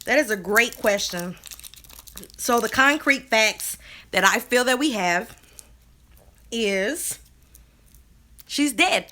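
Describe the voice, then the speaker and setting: A woman, talking to her viewers in a casual live stream, animated and drawling. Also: a little high, takes it slowly, pauses often. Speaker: co-host of a live video chat. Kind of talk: casual live-stream chat reading comments.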